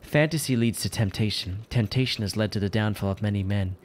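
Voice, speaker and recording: A prim nun librarian, lecturing and stern, read out by a man in a fairly low voice. She scolds with sober, slightly lifted phrasing. Faint hum behind. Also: brisk, natural voice.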